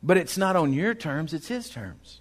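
A man's voice: a little high, big pitch swings, normal speed. A male pastor, preaching a sermon in a folksy, conversational way that builds in intensity.

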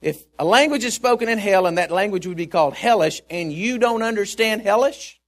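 A man with a high voice preaches a sermon to his congregation. He swells on the lines he wants to land and drops quiet and low for asides. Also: lively intonation, a little fast. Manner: emphatic, rising to stressed points and dropping low for asides.

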